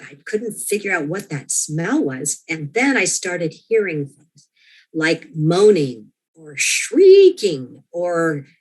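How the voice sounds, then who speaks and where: A woman's voice: on the low side, a bit bright. A woman as an interview guest, earnestly recounting a personal experience, often restarting and quoting her own thoughts. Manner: earnest, with frequent restarts and quoted inner thoughts.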